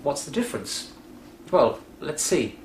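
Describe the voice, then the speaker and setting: A man teaching English grammar by telling a short story, patient, clear and deliberate. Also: medium pitch, very animated. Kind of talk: explaining grammar through a story. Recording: roomy echo with faint background noise.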